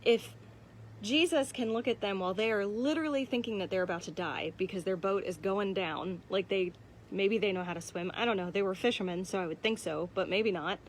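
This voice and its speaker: A woman's voice: medium pitch, a little fast. A young woman talks through a church devotional in an easygoing, personal way, often saying "um" and "like". Her voice sits in a middle range, and a faint hiss lies behind it. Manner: conversational, frequent "um" and "like", personal and candid. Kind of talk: casual spoken devotional. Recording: faint background noise.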